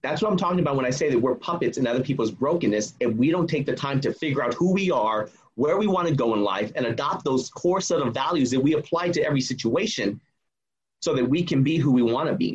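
A man's voice: mid-range voice, husky, lo-fi sound. A man telling a personal story in a casual way, acting out what each person said. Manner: animated, acts out quoted dialogue.

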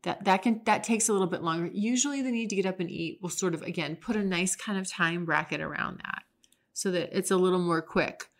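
Young adult woman, solo podcast host; frank, chatty delivery, slightly low voice. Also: a little fast. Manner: frank, chatty, with frequent restarts. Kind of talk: casual solo monologue.

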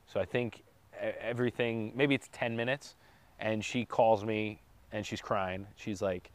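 A podcast co-host shares his daughter's birth story at a measured pace, his low voice barely moving in pitch. He rambles casually, cracks jokes, revises what he's said, and laughs softly.

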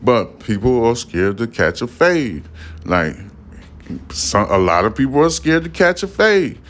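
A man's voice: medium pitch, very animated, a little slow, fairly bright tone. A man in his forties hosting a podcast, telling stories in a casual monologue full of profane street slang and asides. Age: 40s. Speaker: podcast host.

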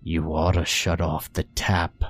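A man voicing a weak, half-formed flesh creature that speaks in a quiet, harsh, barking, creaking growl. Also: sits low, level tone, unhurried, faint music behind, voice pushed down. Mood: weary.

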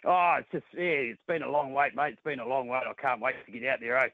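A man's voice: mid-range voice, fast, dry recording, phone-quality sound. A man with a New Zealand accent calling in to a sports radio show, laid-back and saying mate a lot. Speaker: caller. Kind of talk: casual phone-in chat.

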